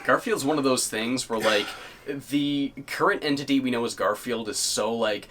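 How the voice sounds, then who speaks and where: A man's voice: mid-range voice, normal speed, a bit bright. A young man from Canada hosting a casual podcast chat, laid-back, swearing often and laughing between lines. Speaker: podcast host.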